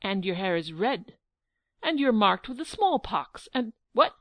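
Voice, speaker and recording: Woman doing a bratty haughty princess, shrill and snippy, dry sound. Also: very animated, unhurried, fairly bright tone, no room sound. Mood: furious. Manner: shrill and scornful, shrieking in rage. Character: spoiled haughty young princess.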